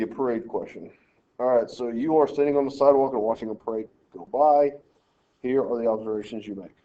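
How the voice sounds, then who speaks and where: A man's voice: mid-range voice, fast talker, dark tone, lo-fi sound. A man teaching a math lesson, working through problems step by step and telling students how to lay out their work. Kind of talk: screen-recorded math lesson walkthrough.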